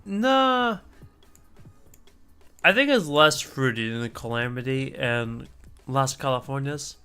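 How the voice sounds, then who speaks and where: A man's voice: fairly high pitch, sharp tone. A man streaming a casual chat, talking in a rambling, chatty way with asides and mild swearing.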